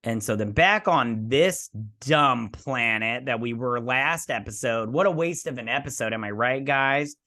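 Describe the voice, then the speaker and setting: A man casually recapping and reviewing an episode. He rambles through the plot in a loose play-by-play and throws in mouth sound effects. His voice sits at a plain middle pitch. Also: unhurried, few pauses, sharp tone. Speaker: host.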